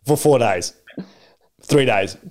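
A man's voice: mid-range voice, slow pace, darkish tone. A man, teasing his friend with probing questions in a casual chat.

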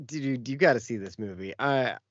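A podcast co-host with a mid-range voice tells a long, rambling story at normal speed, padding his casual chat with lots of fillers. The recording is muffled and has no echo.

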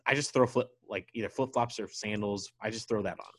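A man's voice: lowish voice, a little fast, a bit bright. A young man from Florida co-hosting a podcast, joking in a laid-back casual chat. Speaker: podcast co-host.

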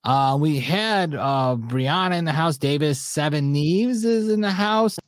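A man's voice: on the high side, animated, measured pace, no echo, clean studio sound. A man hosting a casual livestream show, greeting viewers in the chat by name and joking around. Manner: shouts out viewers, loose and joking.

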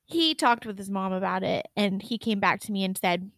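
In a dry recording, a young podcast co-host with a medium-pitched voice speaks at a moderate pace. She tells animated stories in casual chat, swearing frequently and laughing a lot.

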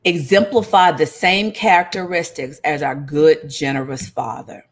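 A woman giving a lively, conversational Bible lesson, calling out to her listeners. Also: sits low, normal speed. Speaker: Bible study teacher. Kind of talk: casual sermon-style Bible teaching.

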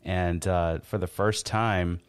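Deep-voiced man hosting a casual chat. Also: steady tone, clear, resonant tone. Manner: measured, with many fillers. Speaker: host. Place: home basement office.

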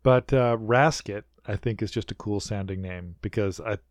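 A man co-hosting a podcast, chatting in a rambling, animated way as he recaps a show. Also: on the low side, moderate pace, no room sound, clean studio sound. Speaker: podcast co-host. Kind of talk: casual recap chat.

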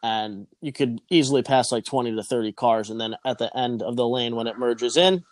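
A man's voice: mid-range voice, brisk, no room sound. A man in his twenties telling a long story in casual chat, rambling and swearing, with frequent restarts.

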